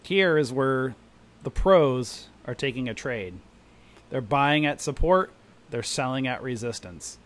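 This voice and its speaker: Speaking a little slowly in a mid-range voice, a trading room host covers the market on a live stream, walking through charts and putting on animated impressions of new traders losing their nerve.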